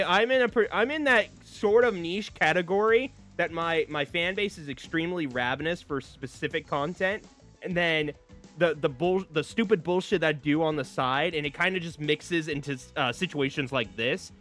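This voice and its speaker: A man streaming a dating game, reading it aloud with animated, laughing, rambling asides. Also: fairly high pitch, normal speed, soft background music. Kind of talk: casual gameplay commentary.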